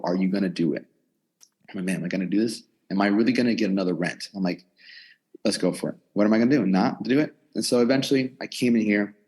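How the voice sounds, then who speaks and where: A man's voice: lowish voice, slightly rough. A man in his twenties, a gym owner and personal trainer, telling his story in a casual interview and acting out what he and others said. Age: 20s. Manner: animated storyteller, quotes himself and others. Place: his gym in a converted storage unit.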